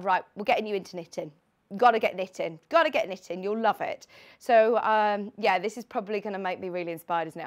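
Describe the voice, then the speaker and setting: A young woman in her late twenties hosts a live sewing shopping broadcast from a TV studio. Her voice sits a little high, and she talks in an excitable, chatty way, rambling warmly between product details. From United Kingdom. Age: late 20s. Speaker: shopping channel presenter.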